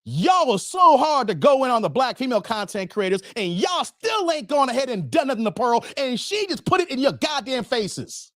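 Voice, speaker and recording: A YouTube commentary host runs a livestream with donation shout-outs, speaking emphatically, rambling, repeating himself and using lots of slang. His very high, sing-song voice moves at normal speed with few pauses and a fairly bright tone, recorded dry at studio quality.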